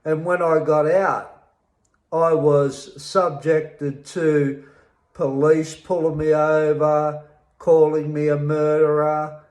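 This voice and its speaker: A middle-aged man with an Australian accent speaks slowly and deliberately, leaning hard on his words with a bitter edge. His voice sits a little higher than most men's, and the sound carries the echo of a bare room. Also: a little mellow. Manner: slow, emphatic, bitter, pausing often. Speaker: interviewee telling his life story. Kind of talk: personal testimony.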